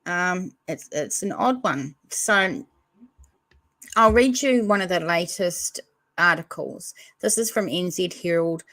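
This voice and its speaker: A woman who hosts a podcast, giving viewers a relaxed, chatty update. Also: fairly low pitch, slow, no echo. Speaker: podcast host.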